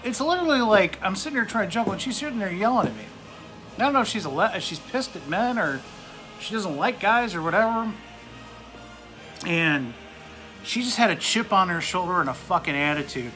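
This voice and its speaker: A man's voice: high voice, animated, a little fast, sharp tone, soft background music. A man from the United States venting in an angry, profane, sarcastic rant to camera. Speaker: vlogger. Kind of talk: angry ranting monologue.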